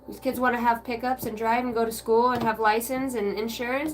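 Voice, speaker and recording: A woman's voice: a little high, steady tone, brisk, distant mic, a little hiss or hum, low-quality recording. A woman hosting a card-reading livestream, venting in a rambling, profane way and chatting with viewers by name. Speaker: oracle card reader and livestream host. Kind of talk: casual livestream rant.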